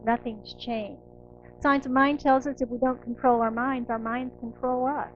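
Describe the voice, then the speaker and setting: A middle-aged woman minister giving a conversational, animated sermon, acting out inner voices. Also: on the high side, moderate pace, highs cut off, slight background noise. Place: church sanctuary.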